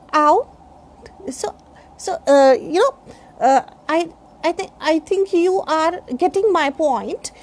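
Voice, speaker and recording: Slow high-voiced woman teaching pronunciation. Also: darkish tone. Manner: slow, explains step by step, spells words letter by letter; frequent fillers like uh and you know. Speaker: English speaking teacher. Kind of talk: classroom lecture on pronunciation.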